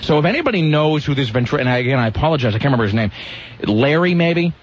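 Talking very fast and animatedly in a somewhat high voice, a man on his radio show rambles through a story in casual banter, interrupting himself often. The audio sounds like a lo-fi radio broadcast.

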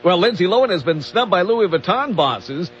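A man with a high voice reads celebrity news on a radio show, dry and measured. The recording is dull, with a faint hum behind it. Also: sing-song, fairly bright tone. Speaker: radio co-host reading entertainment news. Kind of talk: read news segment with banter.

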